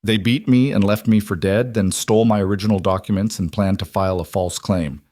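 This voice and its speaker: A man's voice: lowish voice, fairly even intonation, brisk, a little mellow, close to an everyday voice. A man voicing a determined young frontier woman who speaks firmly and sharply in an audiobook. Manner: firm, clipped and hard. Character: determined young woman reclaiming her inheritance.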